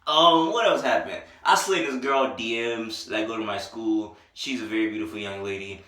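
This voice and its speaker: A man's voice: on the low side, normal speed, sharp tone, distant mic. Young man rambling in an echoey room. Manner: laid-back, rambling, self-mocking. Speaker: vlogger. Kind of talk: casual storytelling to camera.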